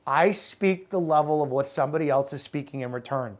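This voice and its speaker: A middle-aged man with a slightly high voice coaching salespeople in blunt, profane, unscripted talk. He acts out sales calls in character to show how to speak to prospects. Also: a little fast, few pauses. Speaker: network marketing sales coach.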